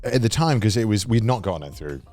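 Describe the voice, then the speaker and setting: A man hosting a casual podcast chat, playful and quick to laugh, slipping into comic voices. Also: lowish voice, expressive, a little mellow. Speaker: podcast host.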